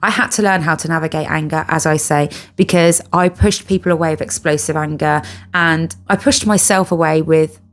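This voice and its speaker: A woman's voice: low-pitched, fairly even intonation, moderate pace. A middle-aged British woman talking earnestly to camera about spiritual healing, stressing and repeating her key phrases. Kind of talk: casual monologue to camera.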